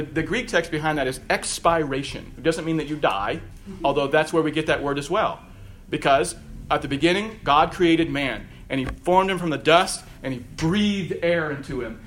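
A man's voice: on the high side, normal speed, a bit bright, a little hiss or hum. A middle-aged man teaching a Bible class in a conversational lecture style, with asides and emphatic readings of quotes.

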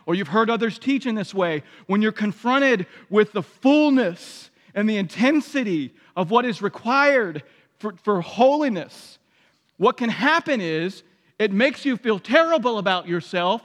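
A man preaching a sermon as pastor, emphatic and repeating his key phrases, often climbing to loud peaks. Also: sits high, animated, a little slow. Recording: long hall reverb.

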